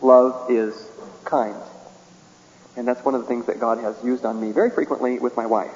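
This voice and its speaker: A man delivers a sermon in a homey, chuckling manner, acting out small exchanges as he goes. His voice is mellow and warm. The sound is a dull, lo-fi radio recording with a long hall echo. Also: mid-range voice, steady tone, a little fast. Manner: folksy, chuckling, acts out little dialogues. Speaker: preacher.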